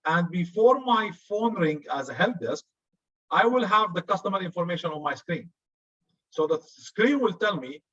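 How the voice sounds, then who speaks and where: A man's voice: high-pitched, lively intonation, normal speed, fairly bright tone, husky, dull audio. Joking Arabic-accented male lecturer. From Arab region. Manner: chatty, joking, says "good" often. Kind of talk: classroom lecture.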